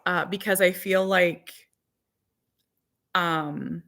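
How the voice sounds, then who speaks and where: A woman's voice: fairly low pitch, fairly even intonation, very slow, creaky, a bit bright. Woman, thirties, from minnesota, chatty rambling livestream talk, phone camera at home. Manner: chatty, rambling, talks to viewers and dog. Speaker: vlogger. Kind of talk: casual livestream chat. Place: home in winter.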